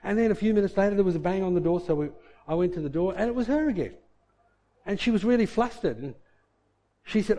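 A man's voice: lively intonation, fast, long pauses, warm tone. A middle-aged man preaching a sermon and telling a story from his own life, acting out his own muttering to himself along the way. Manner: storytelling, acts out his own inner grumbling in a low mutter. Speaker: pastor.

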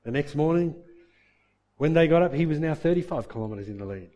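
A man with a fairly high, mellow voice tells a story in a lively, animated way. He slips into the voices of the people in it and sometimes stumbles over repeated words. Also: a little fast, muffled recording. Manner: animated, acts out quoted voices, repeats words when excited. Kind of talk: motivational storytelling.

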